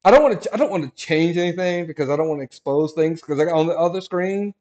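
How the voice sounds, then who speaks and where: A middle-aged man hosting a casual podcast chat, talking in an animated way, laughing often and restarting his sentences. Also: on the high side, fast, dull audio. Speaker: podcast host.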